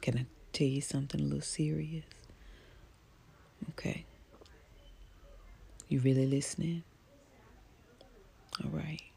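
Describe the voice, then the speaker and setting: A middle-aged woman giving a gentle, affectionate motivational talk to the camera, soft-spoken and often dropping to a whisper, with folksy phrasing and endearments like honey and baby. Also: low-pitched, steady tone, a little slow, gravelly, pauses often. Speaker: social media personality.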